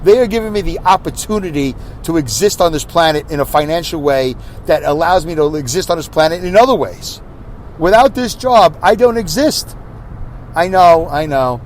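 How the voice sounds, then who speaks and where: A middle-aged man talks alone into his podcast mic, earnest and confessional, letting his thoughts ramble on. His voice sits a little high for a man. Faint street and traffic noise hums in the background. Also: expressive, normal speed. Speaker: podcast host. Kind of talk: solo podcast monologue.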